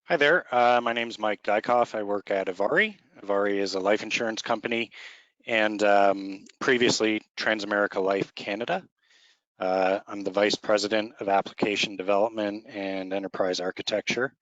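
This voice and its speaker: A middle-aged man, an insurance executive, introducing himself on a panel in a measured way with fillers. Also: fairly low pitch, fairly bright tone, no echo, muffled recording.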